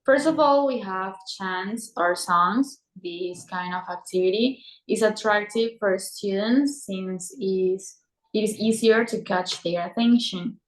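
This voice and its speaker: Woman, slow careful read-aloud presentation, echoey room. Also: mid-range voice.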